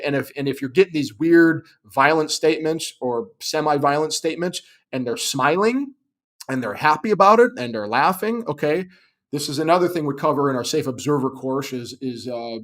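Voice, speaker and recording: A man with a medium-pitched, fairly bright voice hosts a live show, teaching in an emphatic, conversational style. He often checks in with his audience by asking "okay?"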